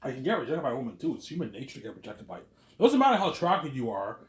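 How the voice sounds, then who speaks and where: A man's voice: mid-range voice, big pitch swings, very fast. A man, around thirty, rambling in a casual, self-assured monologue and tacking "obviously" and "man" onto his sentences. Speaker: vlogger. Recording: roomy echo.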